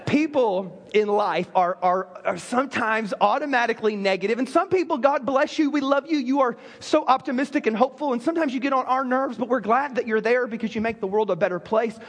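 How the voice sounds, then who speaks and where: High-voiced pastor with stammering restarts. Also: male voice, fairly quick, hardly any pauses. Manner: animated storytelling with frequent stammered restarts. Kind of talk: sermon.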